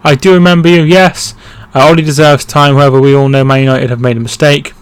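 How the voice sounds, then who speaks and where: A man's voice: fairly high pitch, fairly even intonation, quick pace, clean tone, dry recording. A man hosting a live football watchalong, chatting casually, reading out viewer comments and reacting to the play. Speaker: football stream host.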